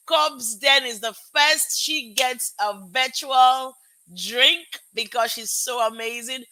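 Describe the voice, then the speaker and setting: A woman hosting her own live-streamed show in casual chat, bubbly and excitable, greeting viewers one by one from home. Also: on the high side, measured pace. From Africa. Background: music playing.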